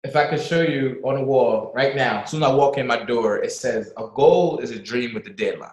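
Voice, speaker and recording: A man speaking as a guest in a casual conversation, animated and motivational, often repeating words for emphasis. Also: mid-range voice, brisk, reverberant, poor audio. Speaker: podcast guest. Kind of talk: casual video-call conversation.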